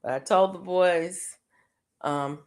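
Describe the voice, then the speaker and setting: This middle-aged live-stream host crochets while chatting loosely with her audience, full of ums and frequent laughter. She speaks slowly, with a fairly low pitch and a darkish tone.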